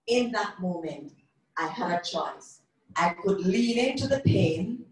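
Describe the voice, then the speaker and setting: A woman's voice: mid-range voice, recorded from a distance. A woman preacher delivers a sermon full of personal stories. She speaks with emphasis and acts out the dialogue in her anecdotes. Her voice rings through a very echoey hall, picked up from some way off the mic.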